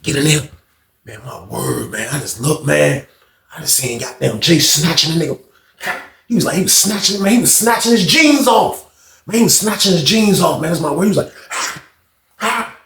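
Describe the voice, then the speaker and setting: A man's voice: fairly high pitch, expressive, normal speed, gravelly, a bit bright, echoey room. A man hosting a casual storytime vlog, telling it loose and slangy, saying "man" often. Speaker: storyteller host.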